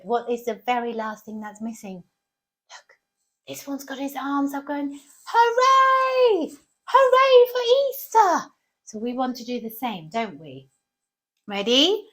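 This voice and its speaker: A children's art teacher gives a cheerful, encouraging drawing lesson in a fairly bright voice on the high side. She often asks the young viewers questions.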